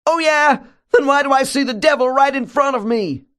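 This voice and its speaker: A man voicing a terrified evangelical preacher who cries out in a shrill, shouting voice. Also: moderate pace. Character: terrified male evangelical preacher, fiery, shaken, stubborn.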